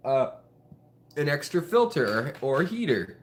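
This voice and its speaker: A mid-range, sing-song male voice at normal speed chats casually to the camera for an aquarium channel. He rambles beside his fish tanks at home, joking and using many fillers, and he's out of breath.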